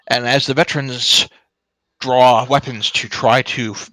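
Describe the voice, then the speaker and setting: A man's voice: mid-range voice, level tone, measured pace, pushed and bright, no room sound, poor audio. A man narrating a tabletop game as game master, in a loose, casual way with frequent fillers.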